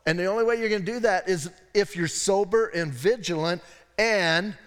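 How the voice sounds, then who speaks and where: A man preaching a sermon as pastor, in a conversational style with digressive asides and animated moments. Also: high-pitched, moderate pace, clean tone, in a large hall. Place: church sanctuary.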